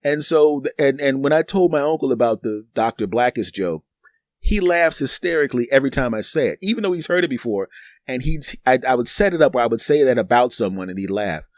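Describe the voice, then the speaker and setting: A man's voice: mid-range voice, expressive, brisk, a little mellow, dry recording, clean studio sound. A middle-aged man hosting a podcast, telling a long story in a loose, rambling way, repeating words and acting out both sides of conversations. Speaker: podcast host. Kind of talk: casual storytelling monologue.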